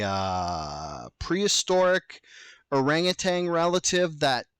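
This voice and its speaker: A man's voice: medium pitch, fairly bright tone, clear, resonant tone, no room sound. Rambling man hosting a podcast. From Canada. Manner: self-mocking, digressive, deliberately slowed delivery. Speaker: podcast host. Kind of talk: rambling solo podcast monologue.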